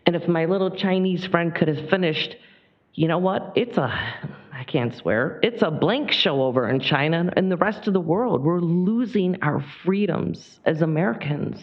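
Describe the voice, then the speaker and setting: A woman's voice: fairly low pitch, moderate pace. Woman from Michigan, public commenter, impassioned and near tears, muffled hall audio.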